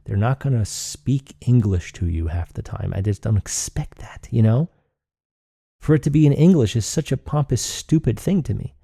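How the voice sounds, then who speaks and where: A man's voice: medium pitch, moderate pace, gravelly, dark tone, husky, no echo, clean studio sound. A man hosting a solo podcast, rambling and thinking aloud with frequent restarts. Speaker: podcast host.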